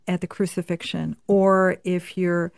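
An interviewer asks slow, searching questions, pausing as she finds her words. Her voice is low and gravelly, with a flat, even delivery. The sound is dry and close. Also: no echo. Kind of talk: podcast interview.

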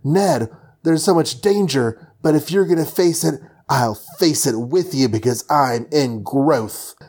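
Brief: man putting on a bright, eager young woman, raised pitch. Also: a little slow, husky.

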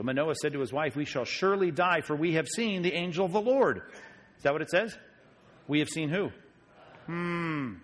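Animated man preaching a Bible study. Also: a little high. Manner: conversational, animated, asks the audience questions. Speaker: pastor. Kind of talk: sermon, Bible teaching.

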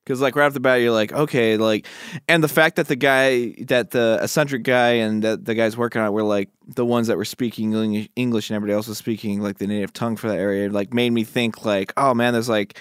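A man chatting casually about a movie on a podcast, telling what happened in a relaxed way, with casual swearing. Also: mid-range voice, fairly quick, smooth, no room sound, clean studio sound. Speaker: podcast co-host.

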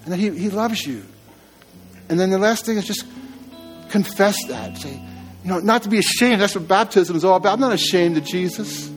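High-voiced earnest male pastor preaching. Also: expressive, fairly quick, long pauses, faint music behind. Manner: earnest, conversational, with frequent restarts. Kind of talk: sermon. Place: church.

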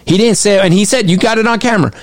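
Man, fairly high voice, dry close sound, emphatic commentary that restarts often. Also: rapid-fire, dry recording. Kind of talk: commentary over video clips.

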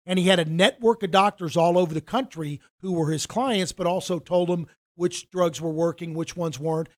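High-voiced man telling a rambling story. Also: fairly even intonation, normal speed. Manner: rambling, restarts often, acts out quoted dialogue. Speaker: financial advisor. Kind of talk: casual storytelling in a conversation.

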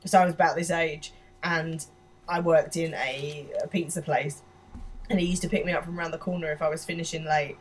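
A woman's voice: low voice, steady tone, a little fast, recorded from a distance, slight background noise. A woman from England co-hosting a podcast, retelling a TV episode and sharing a story from her school days, laughing often. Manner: laughs often, quotes characters while retelling. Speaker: podcast co-host. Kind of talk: casual recap of a TV episode.

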